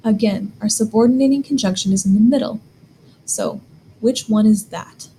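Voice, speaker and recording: Mellow-voiced woman teaching German grammar. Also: mid-range voice, moderate pace, slightly rough, low-quality recording. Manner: patient, step-by-step explaining with questions to the learner. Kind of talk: scripted grammar lesson.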